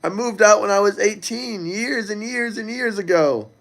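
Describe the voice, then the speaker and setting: A man's voice: sits high, normal speed, vocal fry, fairly bright tone. A man hosting a casual livestream, talking loosely and crudely straight to his viewers as he reads the chat. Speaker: livestream host reading chat.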